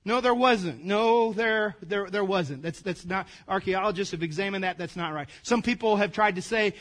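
A man with a fairly high voice preaches in an easygoing, conversational way. He calls the congregation "gang" and speaks to them directly. He drops to quiet asides, then comes back up with loud, punchy emphasis. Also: moderate pace, few pauses. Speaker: pastor. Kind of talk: casual conversational sermon.

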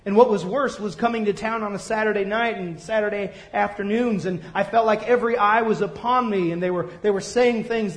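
A man's voice: sits high, natural voice. A man voicing an old man who recalls his hard boyhood in plain, earnest storytelling.

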